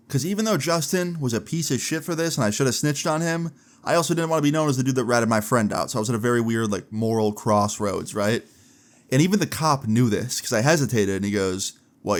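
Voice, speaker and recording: A man's voice: medium pitch, fairly quick. A young man casually telling a story on his vlog, chatty and full of "like" fillers. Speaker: vlogger.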